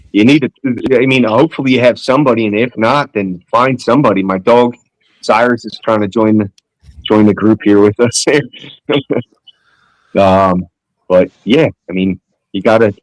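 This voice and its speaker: Low-voiced rambling man on a panel. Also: dry recording, poor audio. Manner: rambling, searching for words. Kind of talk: casual panel discussion.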